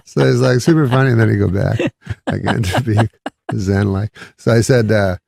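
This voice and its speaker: Gravelly low-voiced man telling a rambling story. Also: moderate pace, darkish tone, no echo. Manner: dry, meandering storytelling with quoted voices and chuckles. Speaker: comedian telling stories on a talk show. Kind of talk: casual anecdote telling.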